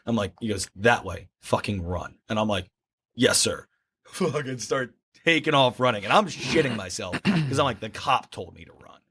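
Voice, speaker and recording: Profane, animated male storyteller. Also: medium pitch, normal speed, husky, no room sound. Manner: profane, animated storyteller who acts out voices. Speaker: podcast co-host. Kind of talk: casual storytelling. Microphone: studio mic.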